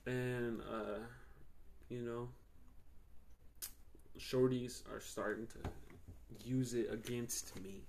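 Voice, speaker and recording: A man's voice: medium pitch, little pitch movement, slow, pauses often, a little mellow, slight background noise. Loose, profane young man telling stories. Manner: loose, profane, slangy and rambling, laughing often. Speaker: podcast host. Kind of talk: casual storytelling chat.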